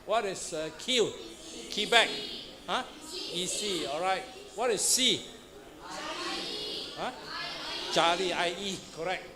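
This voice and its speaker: Slow and pausing often, a high-voiced man leads a Pathfinder class in a church classroom, testing students with repeated "huh?" and "all right." Background noise fills the room recording.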